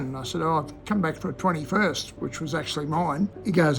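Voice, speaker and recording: A man's voice: fairly high pitch, a little fast, vocal fry, soft background music. An older man with an Australian accent, telling cheeky local anecdotes in a laconic, chuckling way. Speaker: local storyteller. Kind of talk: casual yarn-telling.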